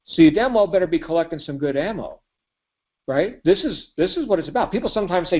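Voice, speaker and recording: A man's voice: a little high, very animated, fast talker, a little mellow, low-quality recording. A man giving an emphatic motivational pep talk as a business coach on a group call, laughing at his own points.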